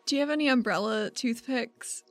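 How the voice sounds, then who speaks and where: A woman playing a tabletop game, playful and quick with questions. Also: a little high, a bit bright, faint music behind. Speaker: player.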